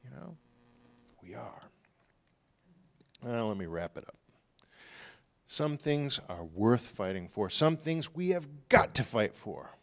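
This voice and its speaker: A middle-aged pastor giving a sermon in a relaxed, conversational way, telling stories and acting out the people he quotes. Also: mid-range voice, slow pace, pauses often.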